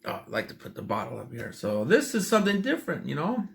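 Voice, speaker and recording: A man's voice: fairly high pitch, huge pitch swings, quick pace, vocal fry. A man talking casually in a vlog, chatty and enthusiastic, rambling with plenty of fillers as he tries a drink. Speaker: vlogger tasting drinks.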